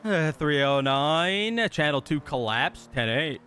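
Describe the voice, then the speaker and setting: A man's voice: fairly high pitch, expressive, slow pace, sharp tone, a little hiss or hum. A man streaming a police roleplay game, talking casually with easy swearing and laughter. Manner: laid-back, swears casually, laughs easily. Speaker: streamer playing a police officer. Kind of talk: casual gaming stream and in-game radio chatter.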